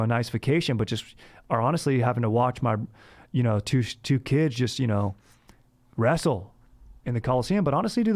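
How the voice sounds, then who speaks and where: A man's voice: medium pitch, a little mellow. A young man hosting a comedy podcast, rambling in surfer-bro slang that is full of "dude" and restarts. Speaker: podcast host. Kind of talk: comedic bro-character monologue.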